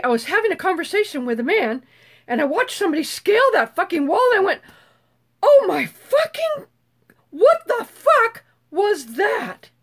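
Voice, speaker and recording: Screeching when excited and swearing without restraint, a bubbly older woman hosts a casual live chat on YouTube. Her voice is high and ranges widely in pitch.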